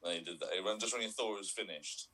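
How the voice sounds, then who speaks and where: A very deep-voiced man talking fast in a casual podcast chat. He tells stories with lively retellings and quick asides. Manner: chatty storyteller, animated retelling. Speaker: podcast co-host.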